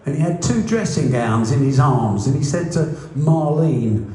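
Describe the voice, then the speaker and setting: Brief: man, boxing promoter, blunt and funny anecdotes, animated delivery, very echoey room. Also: on the high side, normal speed, hardly any pauses. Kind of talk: anecdotal interview storytelling.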